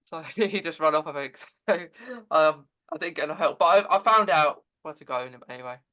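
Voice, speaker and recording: A man hosts a casual podcast chat. His voice sits high and sounds bright, and he stumbles and repeats words as he goes. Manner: halting, with many stammered repeats. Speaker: podcast host. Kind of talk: casual conversation.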